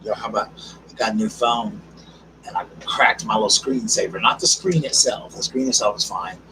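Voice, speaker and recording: A man hosting a casual live stream, chatting warmly with viewers and calling them girl, darling and honey. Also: fairly low pitch, moderate pace. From South Carolina. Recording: distant mic with noticeable background noise.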